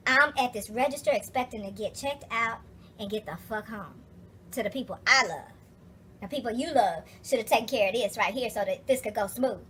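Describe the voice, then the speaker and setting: A young woman with a high voice tells a story in one long, profane rant. Her tone is bright and sharp, and she keeps coming back to her exasperation with heavy emphasis. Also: slight background noise. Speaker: vlogger.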